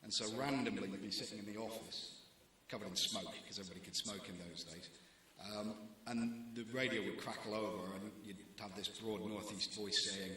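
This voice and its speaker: A man's voice: lowish voice, fairly even intonation, fairly quick, bright, forceful tone, slight background noise. Wry man in a very echoey hall. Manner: wry, anecdotal, lightly self-mocking. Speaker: newspaper deputy editor. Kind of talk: talk to students.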